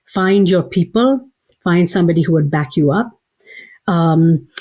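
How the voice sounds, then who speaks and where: A woman's voice: lowish voice, animated, unhurried, mellow, highs cut off. A woman, a psychology professor and author, giving thoughtful interview answers with frequent fillers and restarts.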